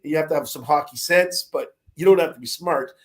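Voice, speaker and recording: A man co-hosting a loose sports chat over a remote call. His voice sits a bit high for a man, and he rambles through stories with lots of uhs and restarts. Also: fairly quick. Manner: rambling, full of fillers and restarts. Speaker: podcast co-host. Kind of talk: casual chat. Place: Caribbean, remote.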